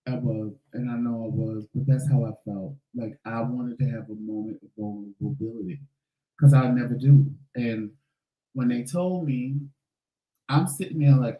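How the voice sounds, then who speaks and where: A man's voice: medium pitch, reverberant, muffled recording. A man co-hosting a casual chat, telling stories emphatically with swearing. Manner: animated storytelling, profane, emphatic. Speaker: co-host.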